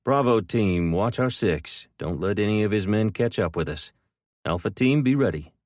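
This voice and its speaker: A man voicing a gruff army team leader barking brisk orders. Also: fairly low pitch, lively intonation, darkish tone, no echo, studio quality, voice pushed up, lightly acted. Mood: commanding.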